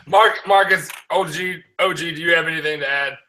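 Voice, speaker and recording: Man, podcast host from the South, very bright tone, slightly high voice, loose and profane. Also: normal speed, poor audio. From American South. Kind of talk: casual chat.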